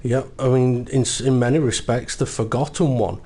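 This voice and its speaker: A man hosting and commentating a sim racing broadcast, setting the scene in an unhurried, explanatory way. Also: medium pitch, steady tone, crowd noise. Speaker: lead commentator.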